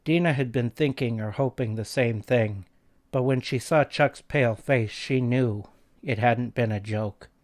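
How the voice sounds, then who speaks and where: A man's voice: medium pitch, measured pace. A man reading a scary young-adult novel aloud as narrator. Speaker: reader. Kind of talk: audiobook narration.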